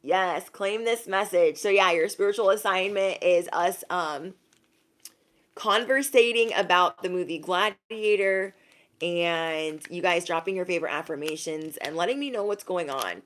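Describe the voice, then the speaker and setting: Young female livestreamer, lower voice, animated chatty spiritual reader. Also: a little slow. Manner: animated, laughs often, reads out viewer names. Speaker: intuitive reader livestreaming to viewers. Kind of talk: casual livestream chat.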